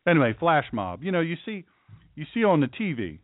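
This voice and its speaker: A man hosts a talk radio show in an opinionated, mocking monologue. His pitch swings widely as he talks. The sound is dry and narrow, like a phone line. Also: very animated, fairly quick, no room sound. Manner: sarcastic, mocking, puts on caricature voices.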